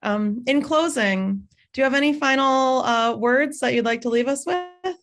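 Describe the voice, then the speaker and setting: A woman hosting an online talk, thanking her guest graciously with soft fillers, over a video call. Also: high-pitched, moderate pace, soft background music. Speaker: program host. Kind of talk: hosted online talk closing.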